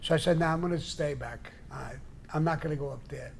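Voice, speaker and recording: On a casual live show, an older guest storyteller with a gravelly, fairly high-pitched voice tells blunt, profane stories and acts out the people in them. He speaks fairly quickly, with slight background noise.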